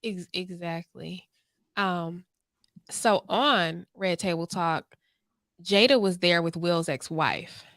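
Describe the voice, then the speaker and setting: A woman co-hosting a podcast retells stories with gusto and acts out the people she quotes. Her voice is bright and forceful, and the recording is dry and close. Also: lowish voice, takes it slowly, no echo. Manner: animated storyteller, acts out quotes. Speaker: podcast co-host. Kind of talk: casual chat.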